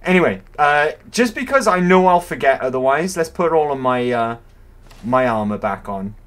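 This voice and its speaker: A man's voice: mid-range voice, lively intonation, moderate pace, a bit bright. A man casually commentating his own gameplay, chatty and playful, often correcting himself. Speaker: game streamer. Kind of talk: casual let's-play commentary.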